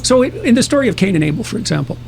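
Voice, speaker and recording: High gravelly man, lecturing hard. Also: sing-song, racing, a little mellow, a little hiss or hum. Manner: lecturing, emphatic, argumentative. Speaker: podcast guest. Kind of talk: podcast conversation.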